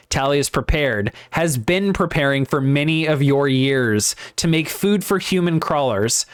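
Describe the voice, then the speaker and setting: A man voicing a surly, gnome-like male creature cook who speaks halting, broken English in a Slavic accent. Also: on the high side, smooth, no room sound, studio quality, natural voice.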